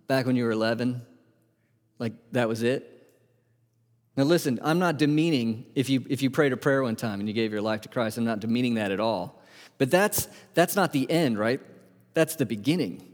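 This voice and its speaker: A man preaching a conversational sermon as pastor, asking his listeners many rhetorical questions and often restarting words. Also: mid-range voice. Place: church sanctuary. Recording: long hall reverb.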